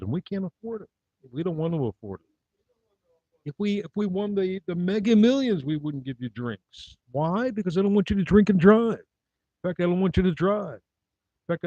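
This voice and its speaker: A man doing live-streamed stand-up comedy, delivering wry, rambling one-liners in a deadpan manner. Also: a little high, no echo. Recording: dull dry lo-fi recording.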